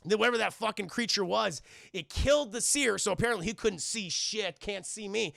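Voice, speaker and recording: A man voicing a big, gruff male cyclops who talks bluntly and casually. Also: sits high, brisk, bright, forceful tone, no room sound, studio quality, exaggerated voice.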